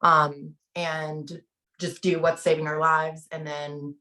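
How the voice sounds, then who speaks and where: Woman host, lowish voice, upbeat, keeps things on track. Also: little pitch movement, takes it slowly, pushed and bright, low-quality recording. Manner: organizing, upbeat. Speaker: co-host and producer. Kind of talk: casual chat.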